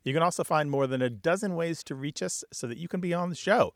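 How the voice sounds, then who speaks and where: A man co-hosts a radio show and reads its opening and closing in a brisk, announcer-like way. His voice sits a little high for a man. The recording is dry and close. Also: dry recording.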